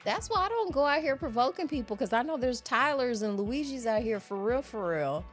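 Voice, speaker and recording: A woman co-hosting a podcast in casual chat, joking and riffing loosely in an animated way. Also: a little high, a little fast, faint music behind. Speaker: podcast co-host.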